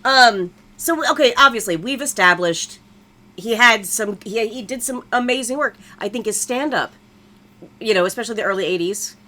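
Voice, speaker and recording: A woman's voice: fairly high pitch, moderate pace, sharp tone. A woman co-hosting a casual movie-review chat, blunt and profane, venting her opinions emphatically. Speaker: podcast co-host.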